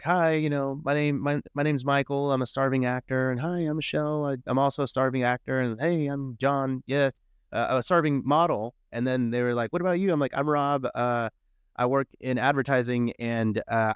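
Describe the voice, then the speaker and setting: Animated storytelling man, smooth voice. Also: medium pitch, no room sound, studio quality. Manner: animated storyteller, acts out quoted dialogue. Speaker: podcast guest, real estate investor. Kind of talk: casual storytelling interview.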